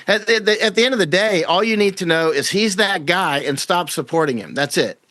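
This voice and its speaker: A man's voice: high voice, animated, normal speed, pushed and bright, no room sound. Man talking in a dry, close voice. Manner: rambling, repeats words, acts out quoted voices. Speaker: guest commentator. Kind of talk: casual conversational interview.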